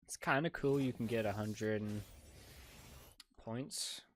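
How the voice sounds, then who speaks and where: A man mumbles loosely to himself while playing a game. His voice sits at an ordinary middle pitch, relaxed and unhurried. He hums and thinks aloud between moves. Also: a little hiss or hum. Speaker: gamer streamer. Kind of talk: casual gameplay commentary.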